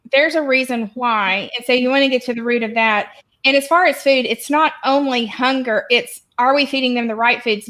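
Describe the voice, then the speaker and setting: A woman with a somewhat high voice explaining children's behavior as a podcast guest. She talks casually and often restarts her sentences as she goes. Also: fairly bright tone. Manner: explanatory, with self-corrections. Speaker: guest expert.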